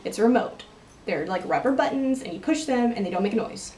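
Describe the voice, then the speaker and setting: A woman's voice: medium pitch, expressive, brisk, a little mellow, reverberant, far from the mic, a little hiss or hum. A young woman from Texas with a Texan accent, chatting casually and rambling through an accent tag vlog. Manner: chatty, rambling, self-deprecating. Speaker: vlogger.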